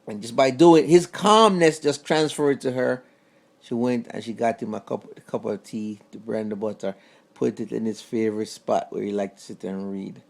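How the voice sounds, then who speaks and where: Gravelly-voiced man telling a family story. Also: lowish voice. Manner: halting, repeats words when moved. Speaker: vlogger. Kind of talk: casual storytelling to camera.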